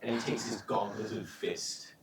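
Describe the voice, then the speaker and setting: A man's voice: lowish voice, fairly even intonation, a little slow, background noise. A man hosting and narrating a tabletop game as game master, telling the action vividly with punchy sound effects. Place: live stage show. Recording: echoey live stage with audience from a distance.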